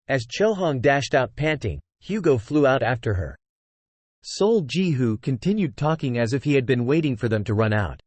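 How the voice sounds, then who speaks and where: A man reading a fantasy web novel aloud as scripted audiobook narration, with steady storytelling and small shifts for the dialogue. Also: mid-range voice, moderate pace, no room sound.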